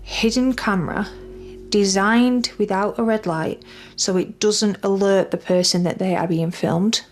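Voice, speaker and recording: A woman's voice: medium pitch, a little slow. A woman with a British accent giving a documentary interview, earnestly retelling her own experience and voicing her inner thoughts. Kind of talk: documentary interview, first-person account. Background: faint music.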